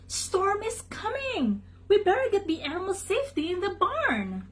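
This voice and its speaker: A woman's voice: extremely high pitch, big pitch swings, normal speed, slight background noise, pitched above the performer's own voice. A woman voicing an old male farmer who bellows an urgent warning, in a children's storybook reading.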